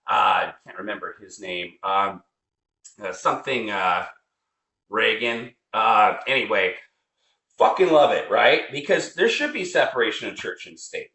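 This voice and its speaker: Heated male vlogger, swears a lot, bright and tense, echoey room. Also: medium pitch. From United States. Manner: heated, profane, repeats himself. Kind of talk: angry political rant. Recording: roomy echo.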